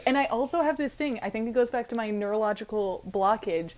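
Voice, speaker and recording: Higher-voiced young woman, laughing storyteller. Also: fast talker. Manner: animated storyteller who laughs often and swears casually. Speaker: podcast co-host. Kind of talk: casual chat.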